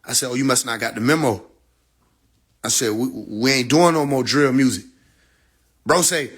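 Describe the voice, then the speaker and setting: Brash, profane man ranting with a husky voice. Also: mid-range voice, normal speed, pauses often. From Atlanta. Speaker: livestream host. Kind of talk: casual livestream rant. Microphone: phone.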